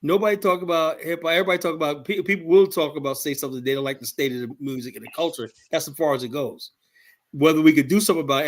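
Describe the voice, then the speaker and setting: A man from the United States, a podcast guest, talking bluntly and heatedly, swearing freely as he tells stories. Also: fairly high pitch. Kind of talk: casual podcast debate.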